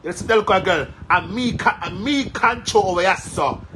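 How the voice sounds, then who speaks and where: A man's voice: sits high, normal speed, sharp tone, a little hiss or hum, rough recording. A man with a Jamaican accent, angrily ranting at his followers, cursing and repeating himself. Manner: heated, cursing, repetitive. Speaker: social media commentator. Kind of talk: angry rant to followers.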